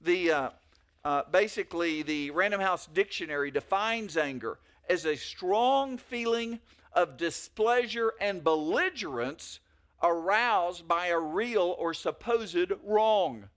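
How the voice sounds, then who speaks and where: A man's voice: high-pitched, animated, slow, fairly bright tone. A man giving a sermon as a pastor, talking in a conversational way with fillers and stories. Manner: conversational preaching with anecdotes and fillers.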